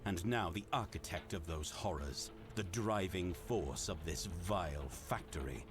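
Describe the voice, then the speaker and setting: A man giving slow, dramatic scripted narration of a fantasy story. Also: sits low. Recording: loud music behind.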